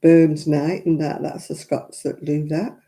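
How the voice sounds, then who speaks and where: A woman's voice: low-pitched, steady tone, a little slow, warm tone. An English woman hosting a live crafting stream, talking frankly and laughing often as she answers viewers' comments. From England. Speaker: crafting livestream host. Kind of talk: chatty livestream talk.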